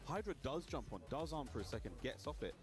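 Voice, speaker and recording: A man's voice: medium pitch, fast talker. A man casting a live esports match, who talks straight to chat and viewers. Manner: lively, addresses chat and viewers directly. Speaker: esports caster.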